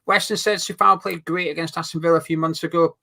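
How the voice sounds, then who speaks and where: A man's voice: a little high, fairly even intonation, fast talker, creaky, bright, forceful tone. A man co-hosting a casual football fan watch-along, rambling a little as he reads out viewer comments. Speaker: fan channel co-host.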